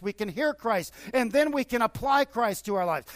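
A middle-aged man preaching a sermon in an easy, talk-to-you way, his fairly high voice climbing with bursts of excitement. The sound is dry and close, with no room around it. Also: normal speed, few pauses, dry recording. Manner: conversational preaching with rising bursts of enthusiasm. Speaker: pastor.

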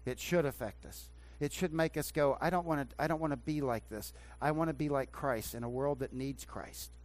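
A man preaching a sermon as pastor in a church, swinging between hushed talk and loud emphatic preaching. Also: medium pitch, moderate pace. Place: church sanctuary.

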